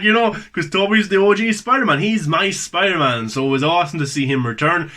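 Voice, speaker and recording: A man's voice: on the high side, expressive, fairly quick, hardly any pauses, sharp tone. A man hosting a casual spoken movie review, enthusiastic and repeating words for emphasis.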